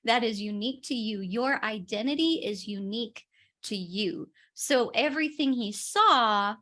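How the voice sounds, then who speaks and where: Female branding coach, higher voice, earnest and emphatic. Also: a little slow, sharp tone. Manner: earnest, emphatic, repeats key points. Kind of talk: coaching in conversation.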